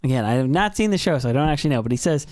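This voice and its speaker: A man's voice: a little high, expressive, racing, darkish tone, dry recording, clean studio sound. A man co-hosting a podcast in loose, joking casual chat. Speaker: podcast co-host.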